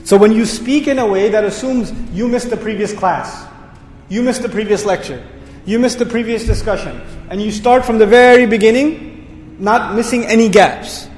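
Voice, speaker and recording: At normal speed and in a high, slightly mellow voice, a lecturer explains Quranic word meanings with energy, returning again and again to his key words, while the hall's reverb echoes around him.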